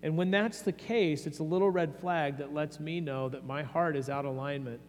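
A man delivers a sermon as pastor at a normal speed, his voice a little high. His style is conversational and earnest, with phrases often begun again. It was recorded in a church sanctuary, with long reverb and faint mains hum.

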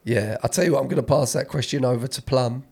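A man's voice: mid-range voice, quick pace, creaky, a little mellow, husky. A man hosting a podcast, jokey and laddish as he asks questions. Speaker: podcast host. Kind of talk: casual podcast chat.

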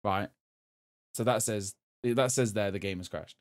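A man's voice: on the low side, a little slow, dry recording, studio quality. English man telling a story, laughing. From England. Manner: animated storytelling, quoting others, laughing. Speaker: podcast host. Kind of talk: casual chat.

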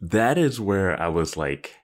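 A man's voice: low-pitched, big pitch swings, slow. A man co-hosting a podcast, giving wry commentary in a casual recap chat. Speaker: podcast co-host.

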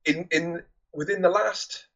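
A man with a husky, slightly breathy voice rambles through a casual film chat, often stopping to search for names and dropping casual swears. His audio sounds dull and muffled, as if it came over a lo-fi remote link. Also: high-pitched, fairly even intonation, measured pace, a bit bright. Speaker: podcast co-host. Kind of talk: casual movie review chat.

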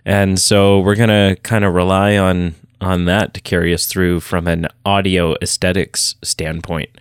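A man's voice: low voice, flat delivery, measured pace, clean tone, dry recording. A man co-hosting a podcast while sick with a head cold, chatting casually with rambling, self-interrupting dry jokes. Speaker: podcast co-host. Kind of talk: casual chat.

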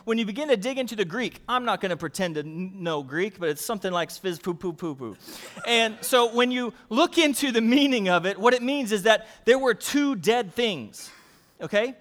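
A man preaching a sermon, energetic and playful, calling on the congregation to repeat words back to him. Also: high voice, normal speed, in a large hall. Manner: energetic, playful, calls for audience responses. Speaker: pastor.

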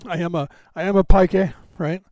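A man's voice: high-pitched, fairly even intonation, normal speed, a little mellow, no room sound. A man hosting a live podcast stream, chatting casually and rambling with many fillers and restarts. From United States. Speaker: podcast host. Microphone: camera on a box, live stream.

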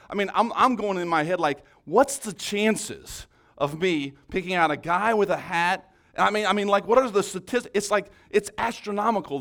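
A man's voice: a little high, fairly bright tone. A man preaching a sermon, telling a story in a casual, conversational way with many restarts. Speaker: pastor.

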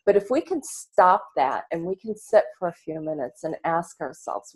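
Earnest low-voiced woman on a call. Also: animated, normal speed, few pauses, darkish tone. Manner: earnest, reflective, swears casually. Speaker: podcast guest, coach. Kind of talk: casual interview talk. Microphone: earbuds on a video call.

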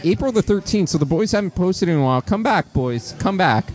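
A man's voice: high-pitched, animated, a little fast, a little mellow. A man co-hosting a podcast, reading out promos in casual, profane, teasing banter. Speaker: podcast co-host.

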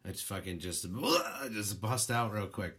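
A man's voice: lowish voice, unhurried, fairly bright tone. A man co-hosting a podcast in casual chat, rambling through stories, laughing and swearing as he goes. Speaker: podcast co-host.

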